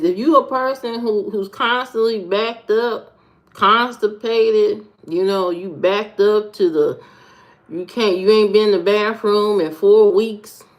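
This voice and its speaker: Slow-talking woman doing comic livestream rants. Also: mid-range voice. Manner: comic rants, greets viewers by name, repeats words. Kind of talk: casual livestream chat.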